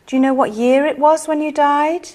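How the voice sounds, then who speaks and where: Woman running a seance, high voice, soft and coaxing, keeps pleading. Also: steady tone, moderate pace. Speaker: séance leader. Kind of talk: ghost-hunt séance questioning.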